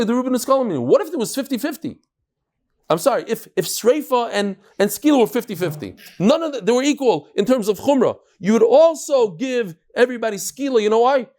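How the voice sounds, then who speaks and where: A man, a rabbi, giving a daily Talmud lecture, thinking out loud, acting out the exchanges and mixing English with Hebrew and Aramaic terms. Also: high-pitched.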